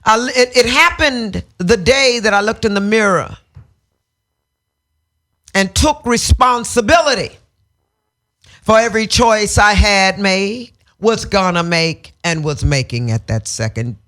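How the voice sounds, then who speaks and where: A woman's voice: medium pitch, lively intonation, a little slow, a bit bright. Flamboyant, profane woman storyteller. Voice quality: theatrical, profane, bursts into sung phrases. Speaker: guest. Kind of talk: candid storytelling in an interview. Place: radio studio.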